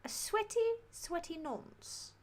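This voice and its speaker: A high, plummy old queen. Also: expressive, slow, full character voice. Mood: mock-regal. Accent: posh upper-class English put on. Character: plummy elderly royal queen, stately and grand. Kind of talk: livestream impression.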